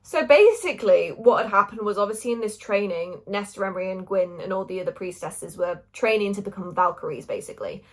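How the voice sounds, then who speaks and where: A woman's voice: mid-range voice, fairly quick, few pauses. A young woman reviewing a book in casual, gushing chat, swearing freely.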